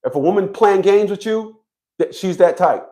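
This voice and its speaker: A man with a high, expressive, mellow voice speaks at a moderate pace. As an online child support commentator, he addresses viewers in a blunt, swear-laden monologue, repeatedly stammering and beginning again.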